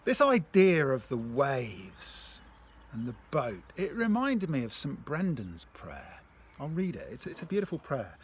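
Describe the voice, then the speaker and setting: Man, devotional talk, husky and breathy, very lively pitch, moves between hushed and firm delivery. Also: a little slow. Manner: reads a prayer aloud, then asks the listener gentle questions; swings between soft, hushed phrases and stronger ones. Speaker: speaker sharing a faith story.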